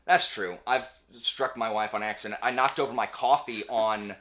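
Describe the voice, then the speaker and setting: A young man hosting a casual chat with his wife, talking in an animated, ranting way with quick asides. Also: on the low side. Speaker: channel host; teacher.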